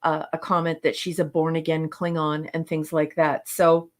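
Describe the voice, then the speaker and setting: A woman co-hosting a podcast, chatting casually through a review, halting with frequent fillers and restarts. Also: low-pitched, completely flat delivery. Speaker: podcast co-host. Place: lives in Canada.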